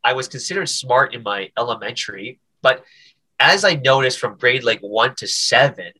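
A man's voice: mid-range voice, moderate pace, breathy edge. A man, a comedian and podcast guest, telling stories in a casual interview, with lots of stammered restarts. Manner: animated, stammering restarts, acts out voices.

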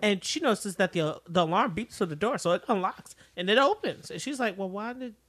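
A woman co-hosting a casual recap show, narrating the plot in a measured storytelling way. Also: medium pitch, animated, a bit bright, breathy edge. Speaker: podcast co-host.

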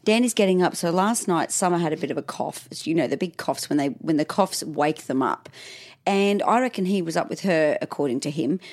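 A woman's voice: low voice, fairly quick, darkish tone. An Australian woman in her thirties co-hosting a podcast, chatty, telling stories and laughing often. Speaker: podcast co-host. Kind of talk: casual chat.

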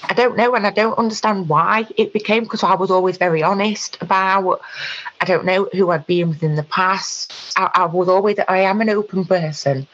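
A woman tells her story in a halting way, stopping and restarting with plenty of ums. Her voice sits at a middling pitch. The recording is somewhat dull and lo-fi. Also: steady tone, fairly bright tone. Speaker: guest. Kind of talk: personal account in conversation.

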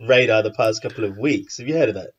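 A man's voice: lowish voice, fast, breathy edge, muffled recording. A man, a podcast co-host chatting casually and animatedly. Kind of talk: casual chat.

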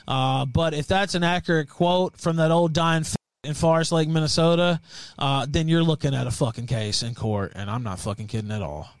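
A man's voice: a little high, fairly even intonation, normal speed, clear, resonant tone, no echo. A man hosting a livestream, delivering a profane, threatening, heated rant. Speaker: livestream host.

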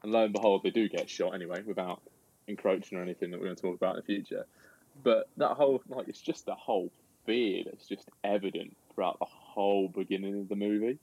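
A man's voice: low voice, fast, a little mellow, dry recording, rough recording. A man on a film podcast panel, enthusiastic and repeating words as he searches for them. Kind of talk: casual chat about a film.

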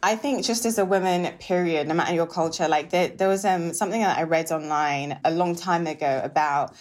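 A woman who writes, a guest in a casual chat, telling animated stories and acting out her mother. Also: fairly low pitch, fairly quick.

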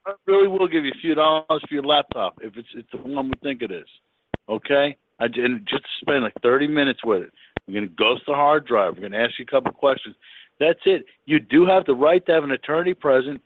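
A man's voice: mid-range voice, lively intonation, brisk. Pushy man calling in on tinny line. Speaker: caller. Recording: tinny phone line with faint noise.

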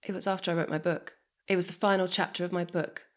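Fast and fairly low-pitched, this thirties-aged guest speaks openly and energetically in conversation. Every so often she drops a swear word.

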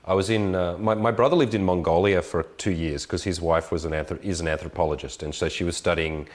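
A man casually telling an animated, profane travel story in conversation. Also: low voice, quick pace. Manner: animated storyteller, swearing, voices others.

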